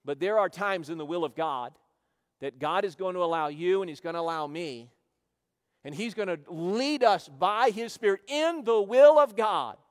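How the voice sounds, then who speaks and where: Midwestern American pastor, middle-aged man, high voice, preaching with swells and hushes, church hall reverb. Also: lively intonation, moderate pace. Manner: preaching with call-and-response, swelling loud then dropping low. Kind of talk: sermon. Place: large church sanctuary.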